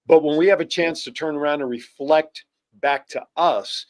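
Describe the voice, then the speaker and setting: A man hosting a live-streamed club show, asking questions and reflecting in a measured way. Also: on the high side. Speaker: show host. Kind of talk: interview talk show.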